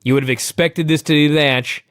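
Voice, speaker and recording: A man co-hosting a podcast, chatting casually as an excitable, enthusiastic fan. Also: brisk, smooth, dry recording, studio quality. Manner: excitable, enthusiastic fan who jumps up in pitch when thrilled. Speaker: podcast co-host. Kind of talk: casual chat.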